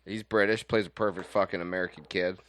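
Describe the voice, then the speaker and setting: A man co-hosting a casual podcast with dry, deadpan quips. His voice is very deep yet bright and edgy. He is recorded dry and up close. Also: fast talker, clear, resonant tone, no room sound. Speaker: podcast co-host.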